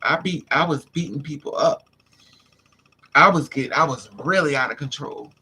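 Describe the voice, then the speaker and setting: A man's voice: a little high, normal speed, sharp tone, husky. A man livestreaming, telling a candid personal story in an emphatic, casual way and calling his listeners honey and child. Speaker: livestream host.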